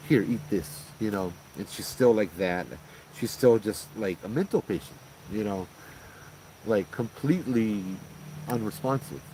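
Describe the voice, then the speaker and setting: A man, casually retelling a paranormal encounter as host, in an animated, conversational way. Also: on the low side, measured pace, a little hiss or hum, rough recording. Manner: animated, conversational retelling with frequent "you know" and "right?". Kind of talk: casual spoken ghost story.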